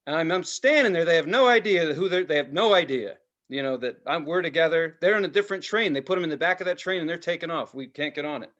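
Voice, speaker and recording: A man's voice: a little high, fast talker, few pauses, lo-fi sound. A middle-aged man, a podcast co-host, telling a story in casual chat, heated and full of swearing. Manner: heated, profane, animated storytelling.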